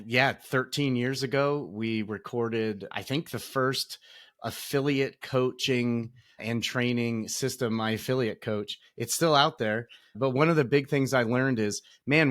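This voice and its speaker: Podcast host, male, upbeat and chatty, laughs easily, mid-pitched voice. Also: a bit bright. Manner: upbeat, laughs often, restarts sentences. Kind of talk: casual podcast interview.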